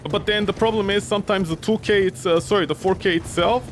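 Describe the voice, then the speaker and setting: A man's voice: sits high, steady tone, fairly quick, a little hiss or hum. A young man streaming a game, rambling and ranting in exasperation, swearing often and sounding weary. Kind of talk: casual gameplay commentary.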